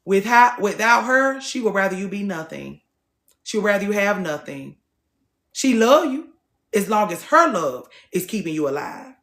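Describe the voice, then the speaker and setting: A woman's voice: medium pitch, expressive, moderate pace, fairly bright tone. Woman, live-stream host, blunt, preachy, cursing, echoey room. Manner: blunt, preachy, swears freely. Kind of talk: casual live-stream talk to viewers.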